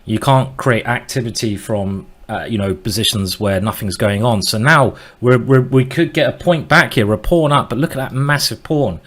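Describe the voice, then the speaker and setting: Male host, mid-pitched, casual excitable chess commentary. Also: normal speed, hardly any pauses. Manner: excitable, urging players on.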